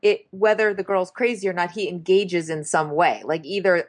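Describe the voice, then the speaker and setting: A woman co-hosting a casual chat, expressive and chatty, acting out quotes in a raised voice. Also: lowish voice, normal speed.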